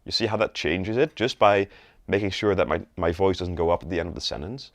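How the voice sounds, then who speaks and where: Fairly quick and very low-voiced, a sales coach teaches in an instructional video. The audio is close and dry, with no room sound. He models rising, flat and falling tones as examples.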